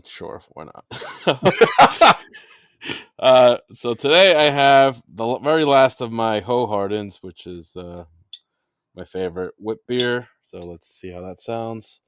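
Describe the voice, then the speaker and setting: A man chatting casually as a podcast guest, laid-back and quick to laugh. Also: medium pitch, fairly bright tone, a little hiss or hum.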